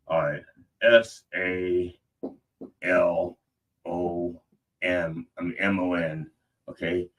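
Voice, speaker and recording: A middle-aged man, the show's comedic preacher host, telling a rambling, animated story and swinging between loud and soft. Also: low-pitched.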